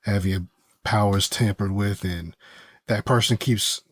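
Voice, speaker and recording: A man's voice: lowish voice, steady tone, measured pace, a bit bright. A man co-hosting a podcast, giving his thoughts in a hesitant, thoughtful way. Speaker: podcast co-host. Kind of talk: casual podcast chat.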